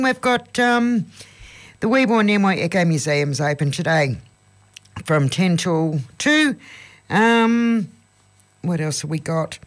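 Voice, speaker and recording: An Australian man hosting community radio, reading out local listings in a chatty way with plenty of ums, his voice croaky and hoarse. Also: high voice, lively intonation, slow, pauses often. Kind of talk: casual radio announcing. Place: radio studio.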